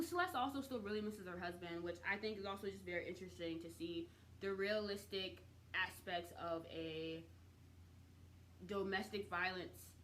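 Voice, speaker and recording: A young adult woman recaps and reviews a TV series in a chatty, expressive way, tossing in casual slang and the occasional swear word. Her voice sits in the mid range, and there's slight background noise.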